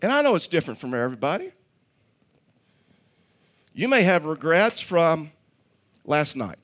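A man's voice: on the high side, sing-song, normal speed, fairly bright tone. A man preaching a sermon as a pastor, telling stories, chuckling at his own jokes and often repeating words as he restarts.

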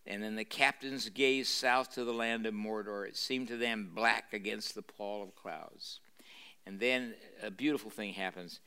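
A man's voice: lowish voice, unhurried, pushed and bright, clear, resonant tone. An older man, a pastor, reading a novel aloud to a live audience in a university room and stopping to explain, with dramatic emphasis and frequent fillers and restarts. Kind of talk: live lecture reading with commentary.

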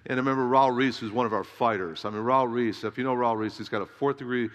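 A man's voice: medium pitch, fast. Middle-aged guy preaching, lots of "amen?" questions to the crowd, long hall reverb. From Southern California. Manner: emphatic preaching, rhetorical questions to the congregation. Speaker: pastor. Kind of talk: sermon.

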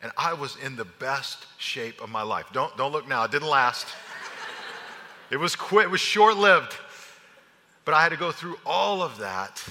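Bright-voiced pastor preaching in a reverberant hall. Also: male voice, medium pitch, measured pace. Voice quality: animated storyteller, acts out his own lines. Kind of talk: sermon with personal story.

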